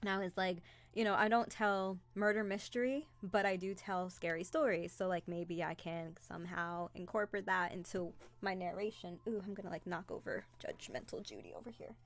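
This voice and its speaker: A young adult woman hosting a casual live stream, chatty and excitable, greeting viewers by name as she talks. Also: on the low side, moderate pace, few pauses, soft background music.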